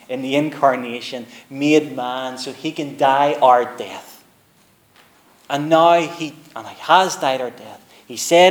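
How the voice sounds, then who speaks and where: A man preaching a sermon in a church. He talks conversationally, reads King James scripture aloud, and builds up to emphatic, rising declarations. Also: mid-range voice.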